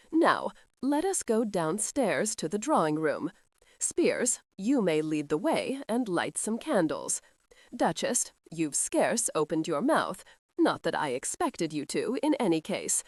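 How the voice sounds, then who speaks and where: A woman narrator voicing a mocking, arrogant young male earl who speaks in a slow, sarcastic drawl. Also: fairly low pitch, no room sound, clean studio sound. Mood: imperious. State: injured, sore ribs.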